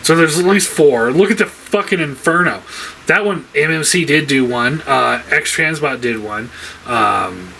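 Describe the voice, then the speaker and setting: A man's voice: fairly high pitch, animated, a little slow, vocal fry, pushed and bright, a little hiss or hum. A man ranting casually about his toy collection, rambling with lots of fillers and frequent swearing. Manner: frustrated, swears a lot, rambling with many fillers.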